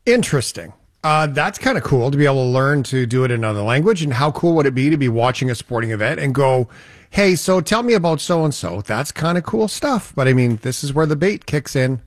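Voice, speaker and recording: Man host, wry joking, mid pitch, dry close sound. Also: expressive, fast, few pauses, dry recording. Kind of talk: casual radio chat.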